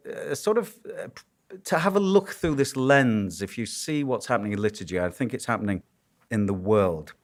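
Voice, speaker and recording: A man with a Yorkshire accent, a priest speaking at a conference, telling stories with self-deprecating humor. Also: medium pitch. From Yorkshire, England. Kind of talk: conference lecture. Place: conference hall.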